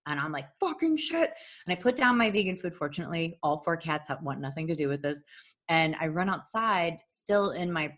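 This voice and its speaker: Lively swearing woman telling stories. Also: low voice. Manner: animated, swears freely, laughs often. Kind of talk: casual storytelling chat.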